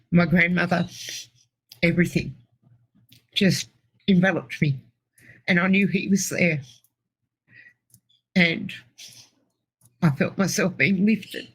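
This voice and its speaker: Gravelly, husky woman. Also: sits low, rough recording. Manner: earnest, halting storytelling. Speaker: interview guest. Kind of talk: personal testimony.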